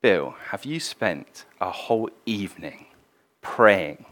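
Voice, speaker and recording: A man voicing a male atheist club leader who asks steady, pointed questions. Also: low-pitched, slow pace, voice pushed down, full character voice. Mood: probing.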